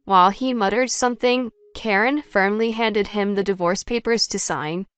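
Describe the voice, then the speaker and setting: A woman reading a first-person story aloud as narrator, in a plain, steady way. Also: mid-range voice, normal speed, clean tone.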